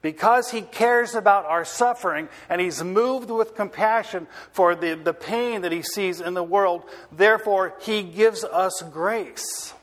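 A man delivers a sermon in a high, light voice at an unhurried pace. He stretches the important words and pauses often to ask whether the listeners are following him. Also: fairly bright tone. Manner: asks the audience if they are listening. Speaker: pastor.

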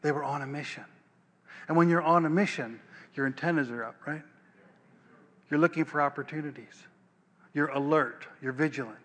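A man's voice: on the high side, normal speed, pauses often, fairly bright tone. An older man preaching a sermon as pastor, talking in a conversational way, repeating words and checking in with the listeners. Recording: long hall reverb.

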